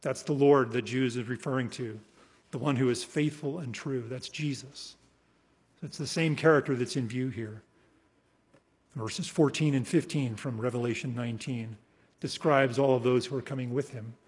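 A man preaching an expository sermon in a slightly husky voice. He leans hard on key words, slows right down for scripture readings and lets his phrases fade away. The sound carries a long reverb, as if from a large hall. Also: mid-range voice, fairly even intonation. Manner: emphatic, slows for scripture, trails off softly at phrase ends.

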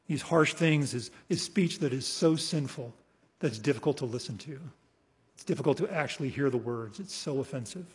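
A male preacher giving an expository sermon, emphatic, slowing down to read scripture and trailing off softly at the ends of phrases. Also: medium pitch, husky. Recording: long hall reverb.

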